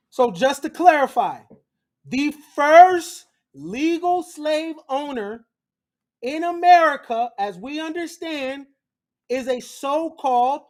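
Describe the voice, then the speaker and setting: High-voiced, blunt, slangy man. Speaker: host. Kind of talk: lecture-style commentary.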